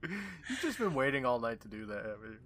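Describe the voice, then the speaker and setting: A man co-hosting a podcast, reacting with quick quips and laughs. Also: medium pitch, very animated, a bit bright. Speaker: podcast co-host. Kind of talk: casual chat.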